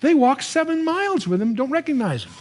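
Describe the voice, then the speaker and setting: Speaking a little fast in a very high voice, an older man retells Bible stories for a live crowd. His delivery is lively and chatty, full of frequent restarts.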